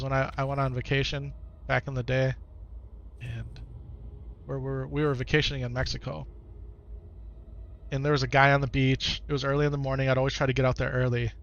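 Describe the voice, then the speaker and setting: Live gameplay commentary mixed with reading chat comes from a Wisconsin man with a Wisconsin accent, who chats easily with viewers and often repeats his own phrases. His voice is medium in pitch and a bit bright, with slight background noise in the clip.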